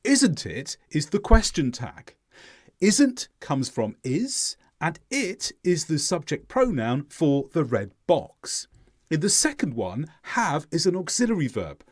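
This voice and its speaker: A man teaching English intonation in a scripted lesson, speaking clearly and deliberately and exaggerating the stress in his examples. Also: a little high, no echo, studio quality.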